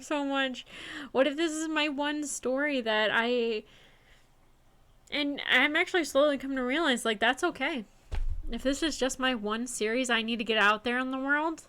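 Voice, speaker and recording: On her livestream, a young self-published author gushes with nervous emotion, close to tears and often restarting her sentences. Her voice sits on the high side, a bit bright, with a clear, resonant tone. It's emotional, casual livestream talk.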